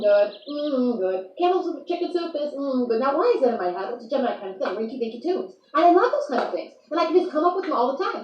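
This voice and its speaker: Chatty high-voiced woman, roomy and distant. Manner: chatty, rambling, playful and self-amused. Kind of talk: improvised monologue in the persona of a star sign. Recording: echoey room, from far off, dull lo-fi sound, faint noise.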